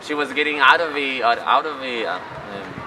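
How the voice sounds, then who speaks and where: Speaking at a normal speed in a mid-range voice, this Spanish-speaking guy from Chile rambles on in English beside city traffic, casually telling stories to camera. He's a tourist guide and job applicant whose chatty talk carries non-native phrasing. The microphone sits far off, and the street is loud.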